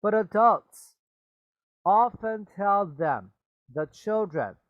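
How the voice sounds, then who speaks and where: In this bilingual vocabulary lesson, a man takes his time repeating and explaining English words, slipping into glosses and checking in with "okay?" and "right?". His voice is high and animated, the recording has no room sound, and the highs are cut off.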